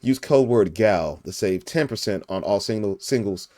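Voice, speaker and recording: A man's voice: fairly low pitch, lively intonation, normal speed, warm tone, dry recording. A man hosting a casual podcast over an online call, joking around in a goofy way and laughing often. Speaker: podcast host.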